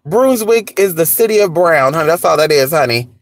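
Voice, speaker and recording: A vlogger in a casual gossip chat outdoors in the cold, sassy and animated, calling listeners honey and girl. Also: mid-range voice, fairly quick, dry recording.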